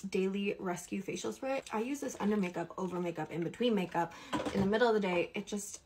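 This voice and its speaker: A woman's voice: medium pitch, quick pace, darkish tone, a little hiss or hum. A young woman, chatting casually through a makeup tutorial in a rambling, upbeat way. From Canada. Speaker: beauty creator.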